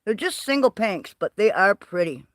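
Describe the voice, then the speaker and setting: Chatty high-voiced man touring his garden. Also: moderate pace, no echo, clean studio sound. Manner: excitable, chatty and rambling. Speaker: livestream host. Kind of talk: casual walking garden tour. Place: greenhouse and garden, partly outdoors.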